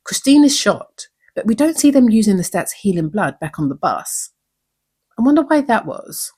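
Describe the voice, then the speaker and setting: A woman breaks down a TV episode on her own YouTube recap channel with earnest emotion and plenty of rhetorical questions. Her mid-range voice is warm and sing-song with a breathy edge, at a moderate pace.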